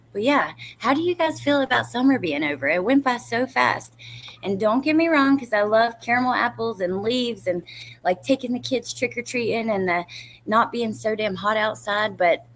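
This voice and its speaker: A woman's voice: mid-range voice, a little hiss or hum. A woman in her thirties hosting a casual true crime livestream, rambling and greeting viewers by name as she reads their comments.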